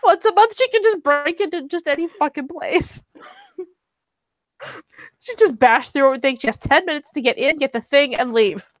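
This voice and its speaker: A woman speaks as a player in a tabletop game, excited and quick to laugh. Her voice sits high, and the sound is dry and close with little room around it. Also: no room sound. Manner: laughing, enthusiastic. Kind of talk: casual tabletop game chat.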